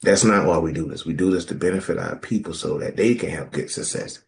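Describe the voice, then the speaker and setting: With a deep voice, a little fast and marked by vocal fry, this man co-hosts a podcast's relaxed group talk on scripture. He cracks jokes and impersonates the people he quotes.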